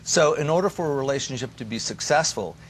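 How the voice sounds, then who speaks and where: A man as a therapist guest on a TV talk show, giving relationship advice in an animated, storytelling way. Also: medium pitch, fast talker, slight background noise. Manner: animated storyteller who acts out quoted voices.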